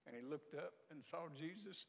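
A man preaching as a guest at a church, telling a story and moving to a gentle invitation. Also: a little high, animated, moderate pace, gravelly. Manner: storytelling, drops to a soft hush at the close. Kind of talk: sermon with invitation. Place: church sanctuary. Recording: long church hall reverb.

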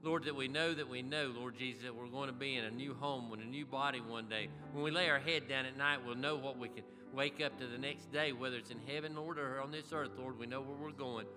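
A man leads an earnest prayer to close a church service. Instrumental music plays clearly behind him, and the room adds a long reverb. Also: mid-range voice, fairly even intonation, a little fast, hardly any pauses. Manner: earnest, repeats "Lord Jesus". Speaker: church member leading prayer. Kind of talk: spoken prayer. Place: church sanctuary. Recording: hall reverb with organ music.

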